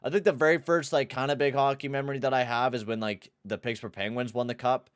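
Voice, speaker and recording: Excitable young man streaming a hockey game. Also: mid-range voice, fast, smooth, no echo, clean studio sound. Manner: excitable, swears, shouts at the game. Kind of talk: live gameplay commentary and chat.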